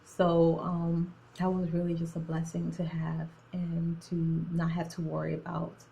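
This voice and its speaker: A young woman with a slightly low voice tells a story casually to her phone camera. She talks in a chatty, slangy way and slips in and out of an accent. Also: monotone, a little slow, creaky, dark tone, slight background noise, rough recording. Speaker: nursing student. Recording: phone-recorded video.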